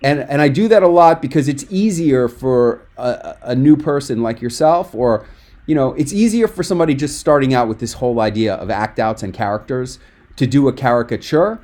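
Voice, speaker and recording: A man's voice: medium pitch, animated, fairly quick, a little mellow. A man coaching a speaker on a video call, talking in a direct, emphatic and encouraging way. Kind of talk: webinar coaching feedback.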